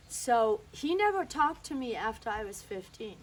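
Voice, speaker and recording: A woman's voice: fairly high pitch, very animated, normal speed, few pauses, poor audio. A woman from northern Germany, telling a reflective personal story and recounting remembered dialogue.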